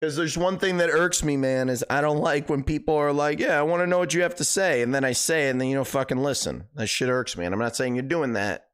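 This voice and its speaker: A man's voice: medium pitch, a little fast, few pauses, a bit bright, smooth. A young man hosting a live stream, chatting casually and rambling, swearing a lot, his voice cracking. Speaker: livestream host.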